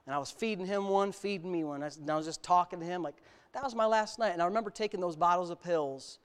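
A man's voice: high-pitched, fast talker, clear, resonant tone. A male pastor from the United States giving a candid personal testimony in a sermon, mixing self-mocking humor with serious storytelling.

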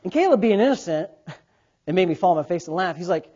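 A man in his thirties, a pastor preaching a sermon, telling stories with big swings from quiet asides to loud, laughing bursts. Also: high voice, lively intonation, fast talker, slightly rough. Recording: dull lo-fi sound.

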